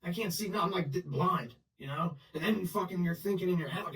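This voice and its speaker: A man's voice: high voice, a bit bright, far from the mic, low-quality recording. Guy telling his own story straight, lots of swearing and restarts, sounds a little off-mic. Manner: blunt and profane, halting with fillers and restarts. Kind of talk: unscripted personal storytelling.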